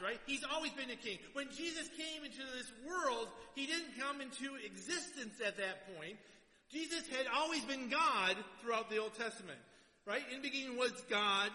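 A man's voice: very high voice, bright, forceful tone. A man preaching a sermon in a chatty style, often checking in with the congregation. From Minnesota. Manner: conversational, asks the congregation "right?". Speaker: pastor. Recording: long hall reverb.

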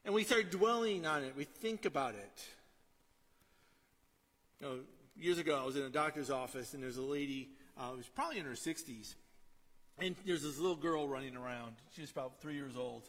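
A middle-aged man preaching a sermon in a conversational way, often asking "right?" and dropping to a quiet storytelling tone. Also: fairly high pitch, moderate pace, long reverb tail. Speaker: pastor.

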